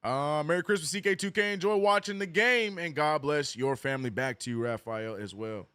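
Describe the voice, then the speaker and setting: A man streaming a live watch-along, doing casual play-by-play and answering chat, jumping up in pitch on big plays and slang-heavy in between. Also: brisk, clear, resonant tone, dry recording, studio quality. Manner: excitable, rises sharply on big plays, drops low reading chat; casual slangy talk, says bro and man.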